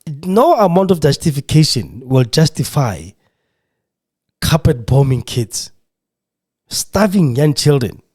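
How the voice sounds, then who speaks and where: Male podcast host in a radio studio, fervent and emotional, lively swinging pitch. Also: takes it slowly, pauses often, husky. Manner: emotional, preaching fervor. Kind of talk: impassioned monologue.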